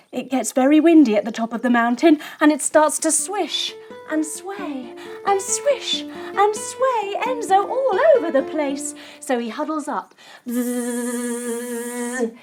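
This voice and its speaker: A woman telling a story as she leads a yoga lesson for children, playful and gentle as she guides each movement. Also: high voice. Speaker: kids' yoga instructor.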